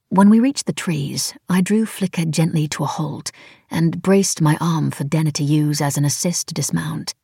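A woman narrating a novel in the first person, with wry, even storytelling. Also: low voice, normal speed, vocal fry, slightly rough, no room sound, clean studio sound. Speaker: audiobook narrator.

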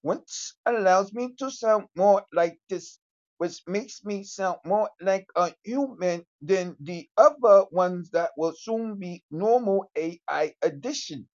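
A livestreamer putting on the voice of a self-described AI robot, calm and boastful, talking in a slow, deliberate, salesman-like way. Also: mid-range voice, dull audio.

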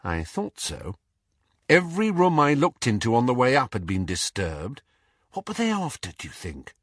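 A man's voice: medium pitch, huge pitch swings, normal speed, fairly bright tone, slightly rough, no echo, studio quality, full character voice. A man voicing an anxious, bossy teenage witch girl who talks in a breathless, urgent way. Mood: probing.

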